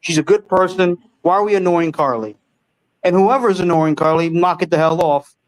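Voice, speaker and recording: A man's voice: sits high, normal speed, low-quality recording. A man co-hosting a casual sports show, rambling and defensive in banter. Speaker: co-host.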